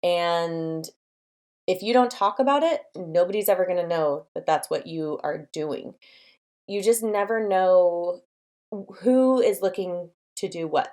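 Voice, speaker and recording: Young woman host, low-ish voice, casual encouraging advice, filler-heavy delivery. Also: a little slow, darkish tone. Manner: encouraging, chatty, lots of fillers. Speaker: design studio owner and channel host.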